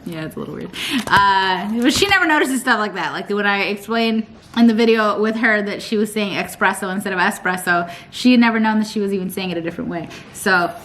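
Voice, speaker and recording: A woman's voice: medium pitch, a bit bright, slight background noise. A young woman vlogging casually at home in her kitchen, chatty and rambling, often restarting her sentences. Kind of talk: casual chat to camera.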